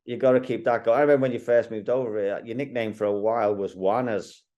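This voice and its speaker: A man with a low, mellow voice hosts a racing interview. He is chatty and friendly, teasing his guest as they talk. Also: fairly even intonation, fast, muffled recording. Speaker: racing TV presenter. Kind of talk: interview, casual chat.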